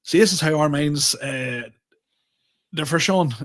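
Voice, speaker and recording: A man with a Tyrone accent in casual podcast chat. He spins animated anecdotes, slips into the voices of the people in them and laughs often. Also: on the high side, measured pace. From Middle East. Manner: animated storytelling, acting out quoted dialogue, laughing often. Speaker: podcast co-host, comedian.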